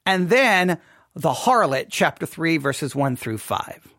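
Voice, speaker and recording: A man leading an informal Bible study lesson, animated and questioning, acting out imagined objections. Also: fairly high pitch, takes it slowly, no room sound, clean studio sound.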